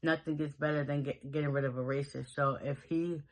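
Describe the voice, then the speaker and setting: A man with a slightly high voice recaps a TV episode in loose, casual chat. He rambles from scene to scene, slipping into quick quoted lines from the characters. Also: steady tone, poor audio. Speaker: show recap host.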